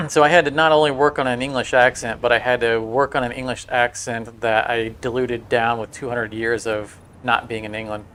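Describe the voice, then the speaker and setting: A man chats casually on a game livestream, drifting through stories with frequent restarts and fillers. His voice sits at a middle pitch. A faint hum of ambient noise runs behind him. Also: little pitch movement, normal speed, fairly bright tone. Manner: rambling, storytelling with restarts. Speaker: game streamer.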